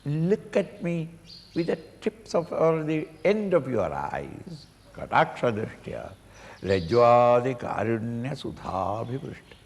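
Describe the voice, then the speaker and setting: An older man giving a slow spiritual discourse, acting out pleading cries and chuckling as he explains a hymn. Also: medium pitch, big pitch swings. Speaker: swami teaching a Sanskrit hymn. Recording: reverberant hall, faint noise.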